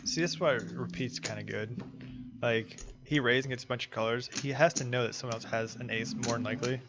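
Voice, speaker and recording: A man's voice: mid-range voice, fairly even intonation, brisk. A man giving casual, joking poker commentary, teasing his co-host. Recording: muffled stream audio with noise.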